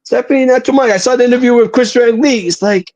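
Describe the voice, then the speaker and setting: Eager, high-voiced male co-host. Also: darkish tone, no echo, highs cut off. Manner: eager storytelling with quick asides. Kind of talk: casual panel chat.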